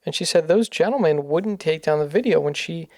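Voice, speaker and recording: Podcast co-host, mid-pitched voice, curious, chatty, dry close sound. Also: brisk, a little mellow, dry recording. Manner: curious, keeps asking questions. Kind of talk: casual podcast chat.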